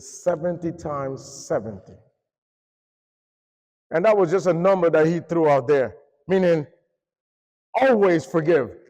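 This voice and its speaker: A man preaching a sermon, telling a story in an animated way, rising and falling in pitch and force. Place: church hall. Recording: reverberant church hall.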